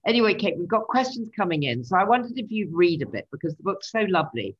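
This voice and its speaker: A woman's voice: lowish voice, big pitch swings, fast talker, slightly rough, dull audio. A woman hosting an interview, musing and hesitant, with a few restarts. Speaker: host. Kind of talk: interviewer chat.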